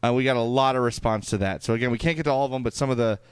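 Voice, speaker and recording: Chicago guy cohosting a podcast, reads out emails, lots of uhs, smooth clear voice. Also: medium pitch, very fast, dry recording, clean studio sound. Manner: reads listener emails aloud, hedging with fillers. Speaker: podcast co-host. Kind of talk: casual podcast chat.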